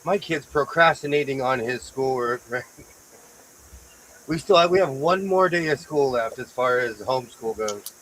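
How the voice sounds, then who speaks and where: A middle-aged man hosting a casual live-stream chat from his home sewing room, playful and animated, repeating his phrases for emphasis. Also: medium pitch, normal speed, slight background noise, poor audio. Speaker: host.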